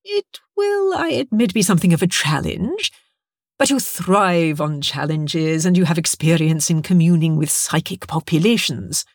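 A woman voicing a smug, composed gentleman academic who talks in a purring way. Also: lowish voice, lively intonation, moderate pace, dry recording, studio quality.

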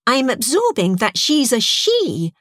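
A woman's voice: fairly high pitch, huge pitch swings, measured pace, a bit bright, no echo, studio quality, voice pushed up, exaggerated voice. A woman voicing a clever, skeptical young female alien sea creature who talks in a matter-of-fact, correcting way.

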